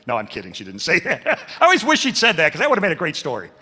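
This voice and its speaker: An older man telling his faith story as a sermon at a church, with animated storytelling and acted-out quotes. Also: fairly high pitch, brisk, breathy edge, soft background music. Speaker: speaker at a church. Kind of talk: testimony sermon.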